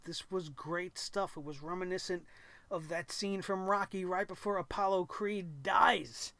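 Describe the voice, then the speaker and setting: A man hosting a wrestling show, reacting with excitement and acting out the wrestlers' lines. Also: high voice, measured pace, vocal fry, no room sound. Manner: animated, acts out wrestlers' lines and shouts.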